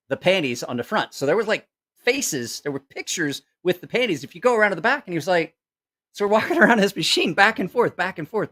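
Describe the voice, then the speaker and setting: A middle-aged man hosting his channel, telling a rambling story in a casual way, swearing a lot and acting out the voices of the people in it. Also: a little high. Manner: profane, animated, acts out quoted voices; rambling with self-corrections. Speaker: channel host.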